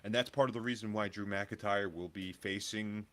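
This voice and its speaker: A man's voice: fairly low pitch, fairly even intonation, normal speed, a bit bright. A man co-hosting a casual wrestling review podcast, upbeat and joking with plenty of fillers. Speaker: podcast co-host.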